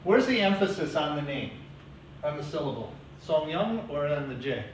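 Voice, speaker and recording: A man teaching a classroom lecture, lively and coaching his students. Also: fairly high pitch, moderate pace. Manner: lively, coaching students through name pronunciation. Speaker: teacher educator. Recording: echoey classroom from far off, faint hiss.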